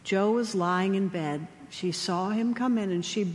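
A woman chaplain preaching a sermon, telling stories gently with slow, emphatic pauses. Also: mid-range voice. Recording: long hall reverb.

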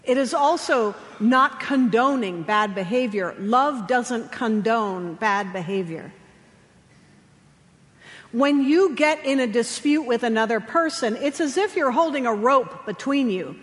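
A woman chaplain preaching a sermon, telling stories gently with slow, emphatic pauses. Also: on the high side, expressive. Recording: long hall reverb.

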